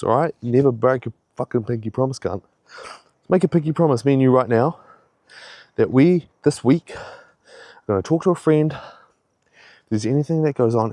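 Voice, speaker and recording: A man's voice: medium pitch, warm tone, dry recording, studio quality. A young man giving a rambling, heavily profane pep talk in a casual vlog, a little out of breath. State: slightly out of breath. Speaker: fitness vlogger.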